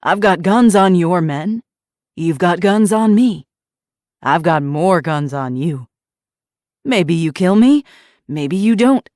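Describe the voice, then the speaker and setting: Woman reading as male crime boss, icy, calm menace, low voice, dry close sound. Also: slow, pauses often, no echo. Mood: menacing. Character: cold, unflappable male mercenary boss.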